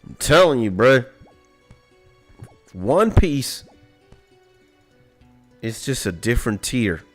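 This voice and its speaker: A young man chatting casually on a gaming stream, excited and swearing a lot, full of slang, while music plays behind. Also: mid-range voice, slow.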